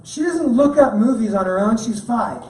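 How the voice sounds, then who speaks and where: A man's voice: very high-pitched, lively intonation, normal speed, darkish tone, a little hiss or hum. A man giving a sermon as guest speaker at a church, talking in a casual, joking way. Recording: echoey room, mic at a distance.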